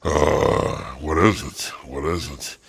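A man's voice: rumbling low, fairly even intonation, creaky, husky, no room sound. An older man delivering an angry, agitated monologue, repeating himself and stumbling over fillers. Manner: agitated, repetitive, halting with many fillers.

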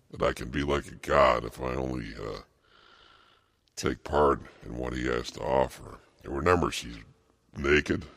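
A man preaching a rambling sermon, halting and repetitive, with many fillers and restarts. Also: rumbling low, gravelly, a bit bright.

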